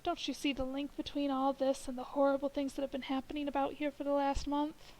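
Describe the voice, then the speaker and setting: A woman reading the lines of an earnest gentleman who calmly presses a strange theory. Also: high-pitched, poor audio. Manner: measured, insistent. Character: earnest middle-aged gentleman building a theory.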